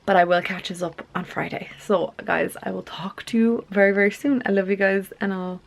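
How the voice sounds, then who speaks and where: A woman from the UK or Ireland chats casually to her own camera in a home kitchen. She talks in a medium-pitched voice, a little out of breath, with frequent "like" and "um" and quick laughs. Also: fairly even intonation, vocal fry. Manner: chatty, lots of "like" and "um", laughs easily. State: a bit out of breath. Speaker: vlogger. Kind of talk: casual vlog chat.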